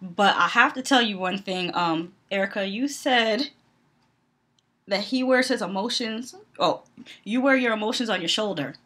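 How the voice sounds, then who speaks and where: A young woman from the Northeastern US talks straight to the camera in a casual vlog, blunt and opinionated about what she watched. Her voice sits at an ordinary middle pitch for a woman. She laughs easily and keeps reaching for "um" between thoughts. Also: moderate pace, pushed and bright, husky. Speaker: vlogger. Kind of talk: casual reality-TV commentary.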